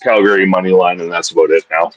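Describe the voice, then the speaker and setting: A man co-hosting a live hockey betting stream, chatty and excitable, laughing often. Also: low-pitched, fast, no echo, dull audio. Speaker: co-host of betting show. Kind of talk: casual live betting chat.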